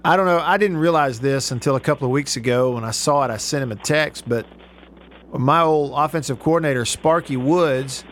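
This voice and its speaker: A man's voice: medium pitch, brisk, fairly bright tone, slight background noise. A man hosting a radio show, talking in an easygoing way and laughing often. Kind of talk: casual radio chat.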